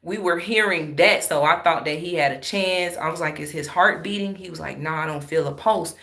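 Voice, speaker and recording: Emphatic lower-voiced woman telling a story. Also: normal speed, creaky, a bit bright. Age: adult, married. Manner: emphatic, talks straight to viewers, voice rises when upset. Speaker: vlogger. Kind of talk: emotional storytelling to viewers.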